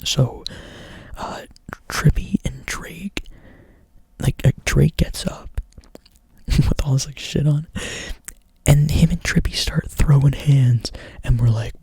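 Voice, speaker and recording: A man's voice: mid-range voice, fairly even intonation, unhurried, creaky, pauses often, a little mellow, slightly rough, no room sound. A young man doing whispered ASMR storytelling up close to the mic, rambling casually and swearing a lot. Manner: rambling, profane, filler-heavy casual talk. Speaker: ASMR creator.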